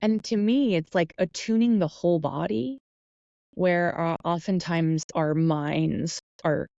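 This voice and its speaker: A woman hosting a podcast, musing softly and meandering through a reflective guided talk, with fillers and self-corrections. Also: lowish voice, slow pace, vocal fry, no echo, lo-fi sound. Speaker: podcast host.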